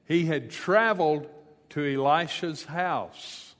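In a large hall with long reverb, a pastor delivers a sermon slowly, narrating a scripture story with offhand asides. His voice is slightly high for a man and fairly bright in tone.

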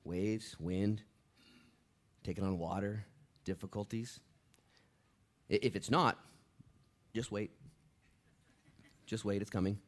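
A middle-aged pastor preaching a sermon, swinging from loud bursts to quiet, hushed asides. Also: male voice, lowish voice, steady tone, slow, long pauses.

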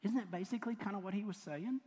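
A man's voice: high voice, fast, warm tone. A man preaching a sermon as pastor, chatty, laughing often and breaking off mid-sentence. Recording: long reverb of a large hall.

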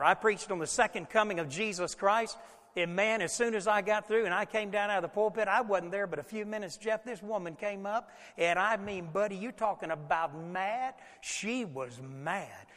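Preacher man in a reverberant hall. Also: high-pitched. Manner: animated preaching with folksy asides. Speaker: pastor. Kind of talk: sermon.

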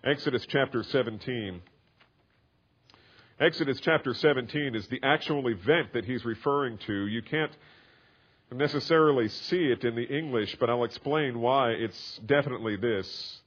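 A man delivers an expository sermon in a mid-range voice, walking listeners through a scripture passage. He explains calmly, then builds into emphatic, raised passages. The recording sounds slightly muffled. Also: medium pitch. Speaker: preacher. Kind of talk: sermon, expository Bible teaching.

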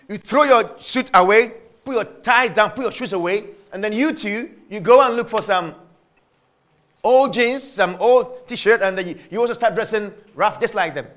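A man's voice: high-pitched, lively intonation, moderate pace, a bit bright. A man preaching a sermon, emphatic and repetitive, drawing out his key phrases.

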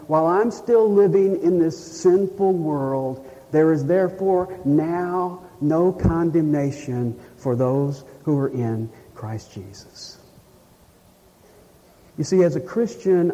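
A man preaching a sermon, emphatic, slowing down to read scripture. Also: on the high side, warm tone. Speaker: pastor. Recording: dull, lo-fi sound with long reverb in a hall.

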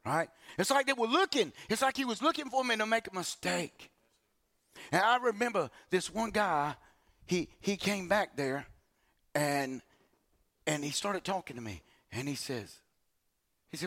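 A male preacher with a high voice, telling a story from his own life in a sermon at church. His pitch swings widely as he acts out the other people's lines and repeats words while building up his points. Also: animated, unhurried, creaky, long pauses, fairly bright tone.

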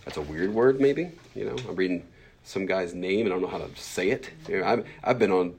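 Low-voiced fast-talking man in his forties. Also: creaky, slight background noise. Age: 40s. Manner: fast-talking, animated, lots of fillers and acted-out asides. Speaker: pastor teaching a Bible class. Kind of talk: casual classroom teaching.

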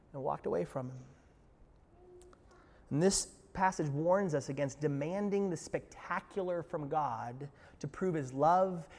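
A man preaching a sermon as pastor, animated, rising loud for quoted lines and joking asides to the congregation. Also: fairly high pitch, breathy edge. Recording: reverberant hall.

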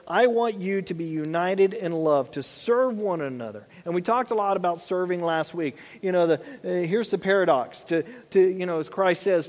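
A man's voice: sits high, a little mellow. A man in his thirties preaching a sermon as pastor, in a conversational way with frequent asides and restarts. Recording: long church reverb.

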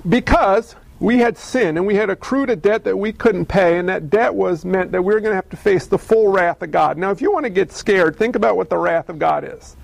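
A man preaching a sermon, telling stories in a conversational, animated way and asking the audience questions. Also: high-pitched, fairly quick, vocal fry, hardly any pauses, no echo. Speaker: pastor.

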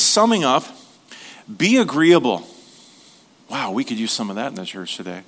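A man's voice: medium pitch, fairly bright tone. A middle-aged man preaching a sermon as a pastor, in a conversational, joking way, asking the congregation questions.

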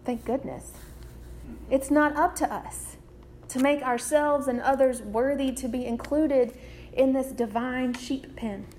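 A woman preaches with a high voice, taking her time over each phrase. Her delivery is measured and deliberate, and she leans on repetition. A faint hiss sits under the recording. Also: darkish tone. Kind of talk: sermon.

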